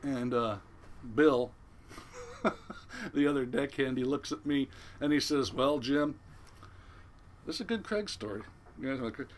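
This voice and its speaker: Older retired fisherman, guest storyteller, lively yarn-spinner who acts out voices, even-pitched man's voice. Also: measured pace, pauses often. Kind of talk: casual storytelling.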